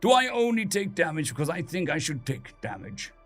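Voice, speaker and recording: Man voicing dead atheist, male, calm, defiant, probing questions, slightly high, lively pitch. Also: brisk, faint music behind.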